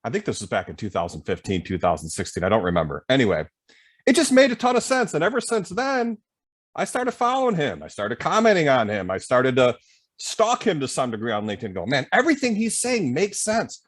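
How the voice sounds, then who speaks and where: A man's voice: mid-range voice, wildly swooping pitch, brisk. A man hosting a podcast interview, a self-employed consultant talking bluntly and casually. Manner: blunt, conversational, swears casually.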